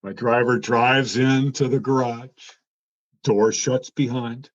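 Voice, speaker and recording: A man's voice: mid-range voice, takes it slowly. An older man, a former car executive, telling an anecdote in an interview and acting out the quoted dialogue. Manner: animated, acts out quoted dialogue. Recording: dull lo-fi sound.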